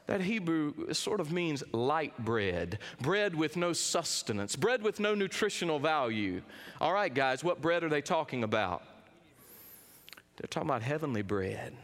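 Man, middle-aged, high voice, dynamic sermon delivery, echoing hall. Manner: dynamic preaching, swinging from low quiet lines to raised emphatic ones. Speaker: preacher. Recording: long reverb of a big hall.

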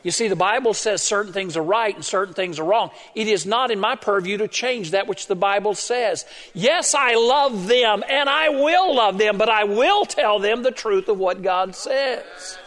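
A man's voice: high voice, a bit bright. A male pastor delivering a sermon, stretching key words for emphasis. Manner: emphatic preaching, drawn-out stressed words. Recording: long reverb of a large hall.

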